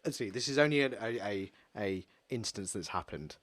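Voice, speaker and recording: A young English man co-hosting a casual podcast, blunt and sweary, telling animated stories. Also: on the low side, normal speed. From England. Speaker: podcast co-host. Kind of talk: casual chat.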